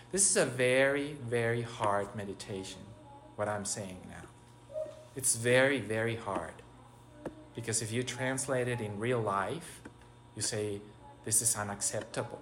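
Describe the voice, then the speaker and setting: A man delivers an informal sermon at a mid-range pitch. He speaks haltingly and often restarts his phrases. He keeps turning to rhetorical questions, with a faint noise in the background. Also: fairly bright tone. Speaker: preacher giving a spiritual talk. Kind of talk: informal sermon, spoken meditation.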